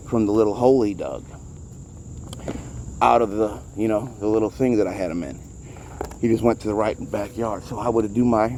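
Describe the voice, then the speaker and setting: With a warm, lowish voice and some background noise around him, a man narrates a casual vlog while filming street cats outdoors on his handheld phone. He cares for the cats, rambles easily, and sounds a little out of breath.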